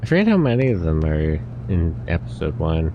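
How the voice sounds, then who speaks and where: A man's voice: a bass voice, very animated, brisk, lo-fi sound, slight background noise. A man streaming a video game, rambling to himself in a casual, playful way about what he sees. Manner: rambling, self-talking, playful. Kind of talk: casual gameplay commentary.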